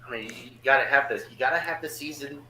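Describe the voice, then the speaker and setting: A man talking casually and excitedly on a podcast, rambling with lots of restarts. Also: medium pitch, fast talker, reverberant, a little hiss or hum, poor audio.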